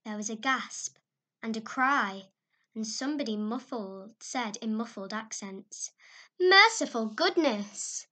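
Woman storybook narrator; expressive, animated, a touch high. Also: unhurried.

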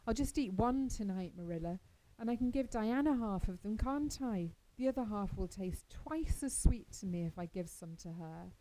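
A woman reading aloud as a chatty, dreamy orphan girl who gushes with wide-eyed excitement. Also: mid-range voice, moderate pace, few pauses, slight background noise, lightly acted, low-quality recording. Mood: eager. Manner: breathless, gushing and wide-eyed. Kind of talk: audiobook character reading.

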